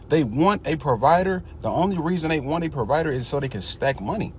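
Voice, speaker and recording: A man's voice: a little high, lively intonation, a little fast, a little hiss or hum. Blunt man in casual chat. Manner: blunt, emphatic.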